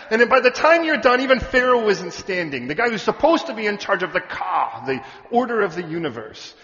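A male pastor preaching a sermon in a church hall, conversational and humorous, with loud animated bursts. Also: a little high. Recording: echoey hall, dull lo-fi sound.

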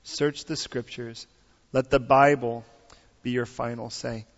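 A man's voice: mid-range voice, fairly even intonation, unhurried. A man preaching a sermon, telling a story in a conversational way, then building to emphatic preaching and checking in with the congregation through questions. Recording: dull audio with long hall reverb.

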